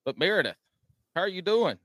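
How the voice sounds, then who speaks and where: A man's voice: high voice, big pitch swings, a little fast, a bit bright, dry recording, studio quality. Folksy man with a Southern drawl. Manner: folksy, joking, self-deprecating. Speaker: podcast host. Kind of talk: casual podcast chat.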